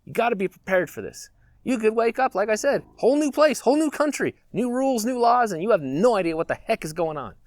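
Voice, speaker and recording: A man's voice: high voice, big pitch swings, fast talker, dry recording, studio quality. A man hosting a prepper vlog, talking in a casual, rambling way and chuckling to himself as he muses. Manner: rambling, chuckling, musing aloud. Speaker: prepper channel host.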